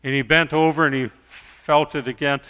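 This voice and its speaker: A middle-aged male pastor preaching a sermon, telling stories quietly and then rising to loud pleas. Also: a little high, steady tone, normal speed, clean tone, long reverb tail.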